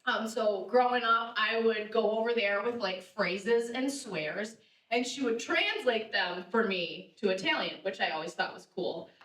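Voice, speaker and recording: A young woman performing a lively stand-up comedy set in a theater, laughing at her own jokes and shouting the punchlines. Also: mid-range voice, measured pace. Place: live theater stage. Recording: roomy theater sound, distant mic.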